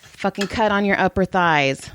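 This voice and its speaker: A woman's voice: medium pitch, moderate pace, fairly bright tone, slight background noise. A middle-aged woman co-hosting a podcast, casually telling profane family stories and acting out what everyone said. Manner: blunt, profane storytelling with acted-out quotes. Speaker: podcast co-host. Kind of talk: casual chat.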